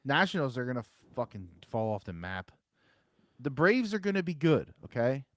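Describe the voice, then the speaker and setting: A man's voice: mid-range voice, expressive, moderate pace, a bit bright, no room sound. A man co-hosting a sports podcast in casual, profane chat, rambling with lots of fillers and restarts. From Philadelphia area. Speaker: podcast co-host.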